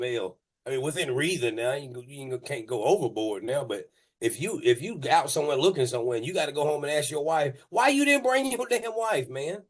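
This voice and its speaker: A man who runs a moving company tells a story on a casual podcast. He swears freely, stumbles over repeated words and laughs in the middle of it. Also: fairly high pitch. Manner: animated, profane, laughs mid-story; many restarts and repeated words.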